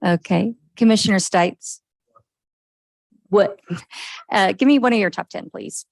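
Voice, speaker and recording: A woman facilitating a government budget meeting, brisk and encouraging, with frequent okays as she calls on each member. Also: mid-range voice, vocal fry, dry recording, poor audio. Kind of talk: leading a group discussion.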